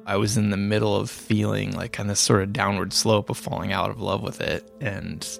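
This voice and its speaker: Interviewee, male, low gravelly voice, telling his story haltingly. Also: little pitch movement, faint music behind. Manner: halting, many restarts and fillers. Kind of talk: reflective storytelling.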